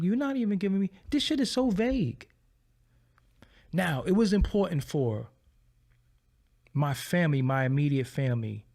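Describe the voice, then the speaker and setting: A man spins a loose, casual story straight to his viewers. His voice is gravelly with a rough fry, and it shoots up high and loud when he gets heated. He swears freely. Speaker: channel host.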